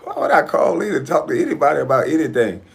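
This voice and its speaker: A middle-aged man from coastal Georgia giving a profane, forceful monologue to camera as an entrepreneur vlogger, repeating himself for emphasis. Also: on the high side, sing-song, fast, creaky. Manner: profane, forceful ranting with repetition.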